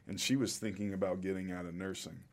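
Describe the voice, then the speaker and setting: Middle-aged man, low voice, earnest and reflective guest storyteller. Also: little pitch movement, fast. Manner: reflective, earnest, emotional at times. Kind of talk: emotional personal storytelling.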